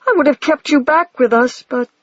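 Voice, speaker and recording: A reader voicing a gentle female whale who speaks regretfully. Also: high voice, moderate pace, no room sound, muffled recording, voice pushed up, natural voice. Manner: regretful, apologetic.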